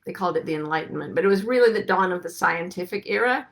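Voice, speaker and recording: Woman, middle-aged, host, casual chat, playful, animated pitch. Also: fast talker. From United States. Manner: playful, chatty, warmly greeting listeners by name. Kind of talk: casual talk to an online audience.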